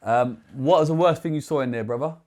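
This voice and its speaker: A man's voice: medium pitch, fairly quick, a little mellow. A man hosting a casual interview podcast, prompting his guest with short questions and frequent agreement. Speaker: podcast host.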